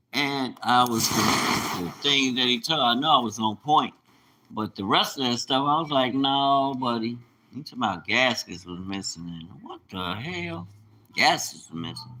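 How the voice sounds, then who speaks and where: Bright-toned man preaching in street slang. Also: sits low, low-quality recording. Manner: street-slang talk, swearing, rising into fervent preaching; uses double negatives and informal grammar. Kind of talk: casual monologue turning to preaching.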